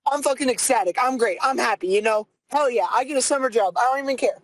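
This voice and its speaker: Young fast-talking podcast host. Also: mid-range voice, dry recording, poor audio. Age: young adult. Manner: profane, ranting, quick and animated. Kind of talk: casual comedic storytelling.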